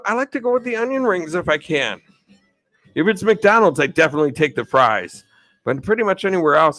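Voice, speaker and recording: A man's voice: on the high side, fairly bright tone, no room sound, rough recording. A man hosting a live stream, answering chat questions in a chatty way, laughing often and losing his train of thought. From United States. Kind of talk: casual chat.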